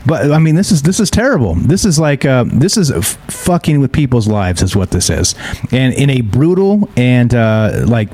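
A man's voice: mid-range voice, sing-song, moderate pace, a little mellow. A tired man hosting a live news stream, reading articles aloud and ranting about them in a blunt, sarcastic, profane way. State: tired, yawning. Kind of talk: casual opinionated news commentary. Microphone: streaming microphone.

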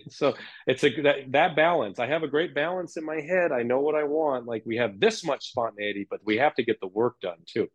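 An energetic middle-aged man chatting as a guest in an interview, a fitness instructor with an animated, upbeat way of talking. His voice sits at an average pitch for a man. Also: a little fast, no room sound. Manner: energetic, animated, puts on playful voices when quoting. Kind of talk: casual interview chat.

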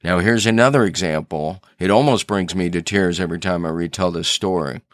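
A man's voice: sits low, a little fast, dry recording, clean studio sound. A man hosting a solo podcast as an author, telling stories earnestly and thinking aloud with restarts. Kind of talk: reflective solo podcast talk.

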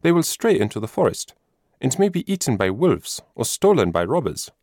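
A man's voice: mid-range voice, big pitch swings, normal speed, a little mellow, no echo, studio quality, pitched above the performer's own voice. A man voicing an honest, firm young shepherd boy in a storybook reading, speaking earnestly in a raised voice.

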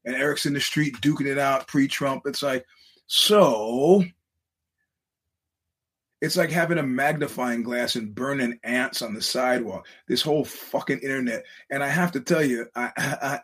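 A man with a husky, slightly rough voice hosts his own podcast, talking off the cuff. He rambles, restarts sentences and slips into quoting other people mid-story. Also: mid-range voice, measured pace, fairly bright tone. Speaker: podcast host. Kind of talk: casual monologue to listeners.

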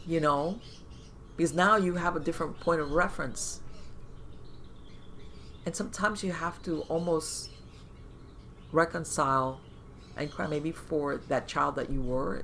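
A woman podcast host giving conversational advice, animated and talking in loose run-on phrases full of fillers, often acting out inner voices. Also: low voice, gravelly, a little hiss or hum. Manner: animated, acts out inner voices and quoted thoughts.

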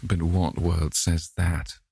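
A languid, cynical gentleman drawls clever epigrams in a deep, gravelly low voice, as a man reads him in an audiobook. The recording is close and dry. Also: flat delivery, slow pace, no room sound, heavily acted. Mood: amused. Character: witty cynical aristocratic gentleman. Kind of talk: audiobook character reading.

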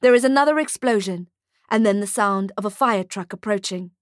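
A woman narrating an audiobook short story in a steady storytelling manner, close to the mic. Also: mid-range voice, fairly quick, no room sound. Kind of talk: scripted narration.

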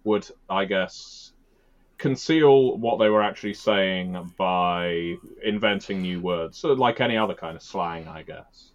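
A man's voice: low-pitched, a little slow. A man co-hosting a tabletop game podcast, chatting casually with a rambling, wry manner. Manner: rambling, wry, laughs at his own jokes. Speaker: podcast co-host, game master. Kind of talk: casual chat. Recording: dull lo-fi audio.

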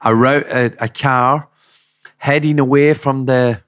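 A man's voice: mid-range voice, steady tone, takes it slowly, a bit bright, clear, resonant tone. Indignant middle-aged man. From Ireland. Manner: indignant, emphatic storytelling. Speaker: campaigning father, guest. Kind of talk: podcast interview.

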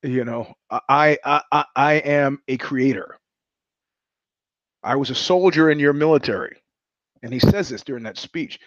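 A man's voice: mid-range voice, a little slow, long pauses, dry recording, muffled recording. A man hosting a podcast, talking in a rambling, wry, digressive monologue. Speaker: podcast host. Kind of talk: casual monologue commentary.

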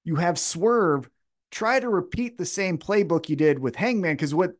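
Guy on a wrestling podcast, slightly higher voice, swears a lot, acts out the promos. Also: normal speed. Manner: animated, profane, acts out wrestlers' lines. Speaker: podcast co-host. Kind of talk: casual wrestling booking chat.

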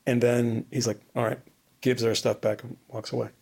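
A tired man on a podcast tells a long travel story over a remote line. His voice has a gravelly edge, and his speech keeps rambling and restarting. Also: medium pitch, flat delivery, brisk, darkish tone. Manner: rambling, many restarts and fillers. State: tired, bleary-eyed. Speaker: podcast co-host reporting from abroad. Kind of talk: casual conversational storytelling. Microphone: remote call-in.

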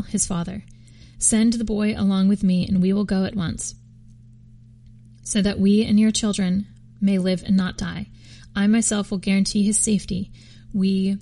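A woman reading scripture aloud for a podcast, steady with occasional slips and restarts. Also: mid-range voice. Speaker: podcast reader.

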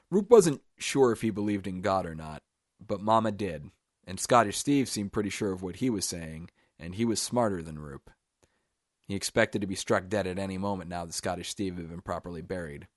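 A man narrates his own short story in a calm, measured audiobook reading. His voice sits very low, and the recording is dry with no room echo.

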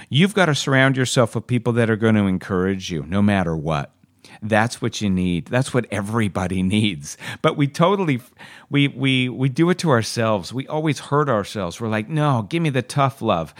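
A man's voice: medium pitch, no room sound, clean studio sound. Man, podcast host, emphatic, opinionated advice. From Canada. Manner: passionate, ranting, emphatic. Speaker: podcast host answering listener questions.

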